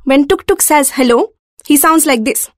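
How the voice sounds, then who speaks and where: A woman reads a children's story aloud in an expressive, sing-song manner. Her voice sits high and swings widely, and the recording is dry and close. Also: moderate pace, no echo.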